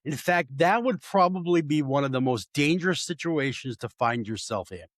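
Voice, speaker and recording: A man's voice: a little high, normal speed, dry recording, studio quality. A man, a paranormal investigator, telling a story in casual talk and acting out the voices of the people in it. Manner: animated, acts out voices in his story.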